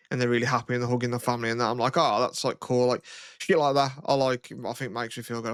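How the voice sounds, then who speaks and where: A man's voice: mid-range voice, clear, resonant tone, no room sound. Young British man, podcast co-host, casual rambling chat, dry close sound. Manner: rambling, swearing, lots of fillers.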